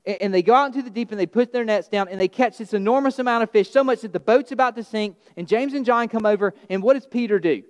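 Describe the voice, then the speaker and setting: A male pastor delivers a sermon with an animated storytelling manner, and he acts out the characters as he goes. His voice sits high for a man. The sound carries a long reverb, as if it was recorded in a large hall. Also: quick pace, few pauses. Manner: animated storytelling, acting out the disciples' lines.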